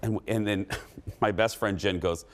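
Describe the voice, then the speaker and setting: A man hosting a talk show, telling a story in a casual, animated way and acting out what people said. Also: lowish voice, moderate pace, noisy background. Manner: animated storytelling, acts out quotes. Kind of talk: casual chat.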